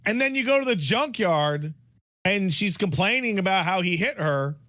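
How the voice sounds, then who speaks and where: A man's voice: sits high, normal speed, dry recording, clean studio sound. A man co-hosting a casual podcast, telling a story with lots of swearing and acted-out bits of dialogue. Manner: animated storytelling, swearing, mock dialogue voices. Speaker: podcast co-host. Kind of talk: casual podcast chat, game recap.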